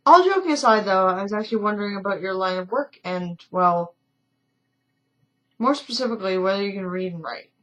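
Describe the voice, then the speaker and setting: A woman's voice: medium pitch, expressive, brisk, a bit bright, muffled recording, lightly acted. A woman voicing a carefree, jokey wealthy young man who teases breezily in a story game. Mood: teasing.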